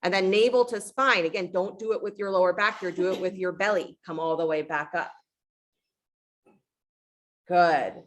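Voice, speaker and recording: A woman yoga teacher guiding a class with calm, encouraging short cues, then reflecting on letting go in a storytelling way. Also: lowish voice, normal speed, pauses often, slight background noise. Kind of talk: guided yoga class instruction.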